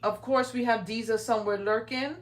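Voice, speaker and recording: A woman's voice: fairly high pitch, fairly even intonation, brisk, far from the mic. A middle-aged woman hosting a craft livestream from her home craft room, talking in a brash, profane, bossy teasing way. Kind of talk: casual livestream chat while crafting. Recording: roomy echo, speaking away from mic.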